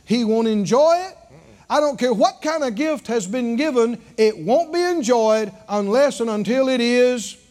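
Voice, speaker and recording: A man preaching a sermon, drawing answers from his congregation and rising to shouts. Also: extremely high pitch, lively intonation, measured pace.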